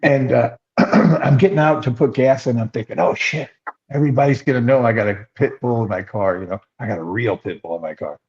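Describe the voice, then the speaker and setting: A man's voice: mid-range voice, brisk, darkish tone. An older man, a podcast co-host, telling rambling anecdotes in casual chat and acting out the quotes. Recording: slightly dull lo-fi sound.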